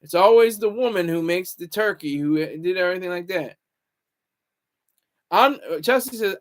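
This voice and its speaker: A man's voice: high-pitched, animated, normal speed, pauses often. A man hosting a casual livestream, rambling and talking back to viewer comments. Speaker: livestream host.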